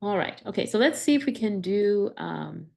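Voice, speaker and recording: A woman's voice: medium pitch, animated, moderate pace, vocal fry, darkish tone. A woman teaching a Greek grammar class, explaining step by step with frequent "right?" checks and restarts. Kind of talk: live class lesson.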